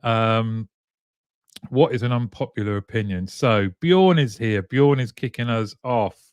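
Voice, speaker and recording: A man's voice: mid-range voice, measured pace, smooth, no room sound. A man hosting a live stream, chatting casually and greeting viewers one by one by name, with plenty of ums. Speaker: live show host.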